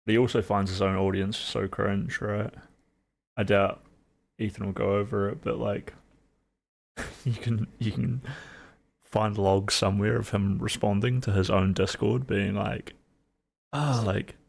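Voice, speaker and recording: A man's voice: lowish voice, little pitch movement, a little slow, vocal fry. A young man with a New Zealand accent, streaming and chatting casually with rambling, filler-heavy, laid-back talk.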